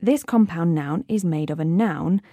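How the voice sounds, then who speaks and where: A woman's voice: on the low side, a little slow, mellow, dry recording. A young woman co-hosting a radio lesson, explaining grammar in a cheerful, playful way. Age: young adult. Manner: cheerful, playful banter with co-host. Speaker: co-host of a radio English vocabulary lesson. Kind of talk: scripted teaching presentation.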